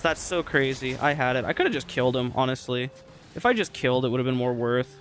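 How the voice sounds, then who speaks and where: A man's voice: mid-range voice, fairly quick, slight background noise. A young man playing a video game and ranting angrily, swearing often about losing a fight. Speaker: gamer streamer. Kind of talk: casual gameplay rant.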